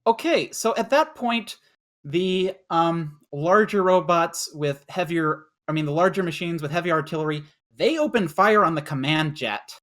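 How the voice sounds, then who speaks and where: A game master narrating a tabletop role-play scene, halting and stopping often to rephrase. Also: medium pitch, lively intonation, a bit bright. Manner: halting, full of restarts and fillers while describing scenes.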